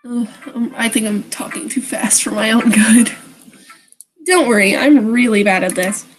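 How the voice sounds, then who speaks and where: A woman's voice: a little high, steady tone, normal speed, faint music behind, low-quality recording. A woman reacting to a game as she plays, flustered and giggly. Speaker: game streamer. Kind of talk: let's-play reactions.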